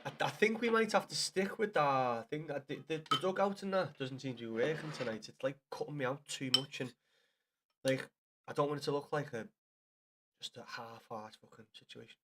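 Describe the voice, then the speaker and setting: A man's voice: medium pitch, brisk, fairly bright tone, slight background noise. A man chatting casually to viewers on a live game stream, swearing freely and calling everyone lad.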